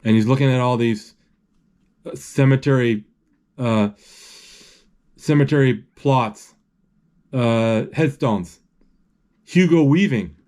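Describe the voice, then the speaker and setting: Man, mid pitch, live film play-by-play, halting, searches for words, lots of restarts. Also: a little mellow. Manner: frequent restarts and fillers. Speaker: movie describer.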